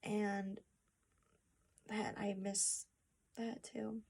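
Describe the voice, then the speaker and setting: A young woman talking to her phone camera in a personal vlog, soft-spoken and halting, with restarts and sad pauses. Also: mid-range voice, level tone, gravelly, breathy edge. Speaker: vlogger. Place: home room with a treadmill.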